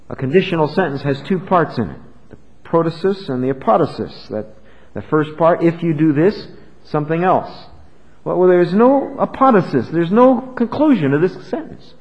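Older male pastor, sermon delivery, animated pitch, fairly high voice, dull lo-fi recording with a long hall reverb. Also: normal speed. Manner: expressive preaching, rising to loud emphatic peaks.

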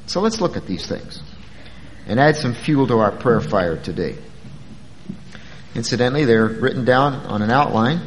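A man's voice: medium pitch, lively intonation, normal speed, pauses often, in a large hall, a little hiss or hum, poor audio. A man preaching a sermon as pastor, talking in a conversational way and stretching key words for emphasis.

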